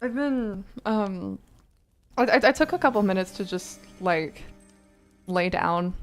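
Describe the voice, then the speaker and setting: A woman's voice: mid-range voice, lively intonation, slow, soft background music. A tired young woman streamer chatting casually, rambling with lots of fillers and laughs.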